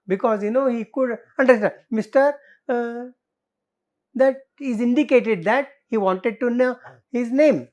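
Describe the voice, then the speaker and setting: A woman's voice: fairly high pitch, unhurried, darkish tone. A woman teacher with an Indian English accent explaining a play line by line in a literature lesson. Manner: explanatory, reads scenes aloud and comments.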